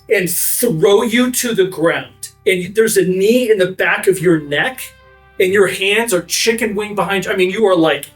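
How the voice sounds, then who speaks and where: Man, game master, vivid lively narration, higher voice, faint music behind. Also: slightly rough. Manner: vivid, energetic narration with frequent fillers.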